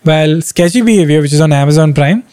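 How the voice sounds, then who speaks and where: A man's voice: on the high side, fast, mellow, smooth, dry recording, clean studio sound. A young man, a stand-up comedian chatting casually and bluntly while answering viewer comments, swearing freely and breaking into laughter. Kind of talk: casual livestream chat.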